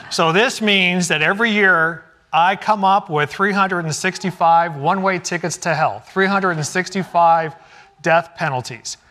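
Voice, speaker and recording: A man's voice: sits high, normal speed, bright, forceful tone. A middle-aged man preaching a sermon, telling a story and acting out the dialogue. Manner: storytelling, acts out quoted dialogue. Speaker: pastor.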